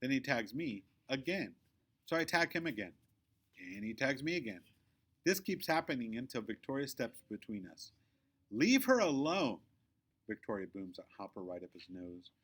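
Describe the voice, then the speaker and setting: A man reading a children's chapter book aloud, with expressive storytelling in a middle pitch. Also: fairly quick. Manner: expressive storytelling, dropping low for narration tags. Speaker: reader.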